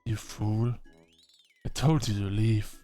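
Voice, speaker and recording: A man's voice: on the low side, slow pace, warm tone, faint music behind. A man voicing a stern, blunt young woman who speaks in a dry, matter-of-fact, scolding way.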